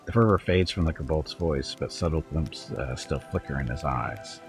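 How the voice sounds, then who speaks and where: A man hosting a let's play, reading the game's narration aloud in a steady way with small stumbles. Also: a bass voice, moderate pace, over music, rough recording.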